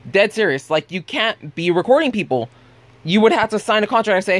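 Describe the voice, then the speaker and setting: A man's voice: high voice, expressive, fairly quick, fairly bright tone, no room sound. A young man telling a heated story in a casual vlog rant, blunt and swearing freely. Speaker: vlogger.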